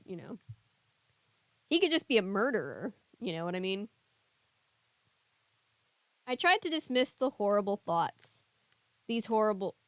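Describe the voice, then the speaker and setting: A woman's voice: mid-range voice, dry recording. A young woman with a Southern US accent reading a children's book aloud on a stream, stopping to chat casually with viewers. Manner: reads the book, then chats casually with viewers.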